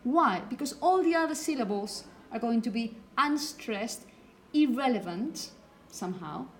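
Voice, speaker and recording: A phonetics teacher in a classroom explains her material and keeps checking understanding with "okay?". She comes from Spain, speaks with a Spanish accent, and has Spanish as her first language; her voice is a little high, unhurried, and lively in intonation, with slight background noise.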